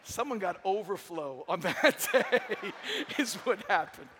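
A man's voice: sits high, expressive, takes it slowly, a crowd in the background, background noise. A middle-aged man preaching a sermon with energy and humor in a large church. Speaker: pastor. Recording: long hall reverb.

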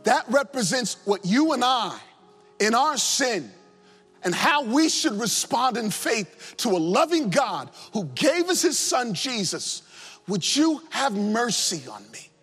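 A man delivers an impassioned sermon in a strikingly high, lively voice that swings up and down. He repeats his phrases for emphasis. His voice rings with a long reverb through a church sanctuary, with faint music underneath. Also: slow pace, husky. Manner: impassioned, repetitive, rising and falling emphasis. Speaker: preacher.

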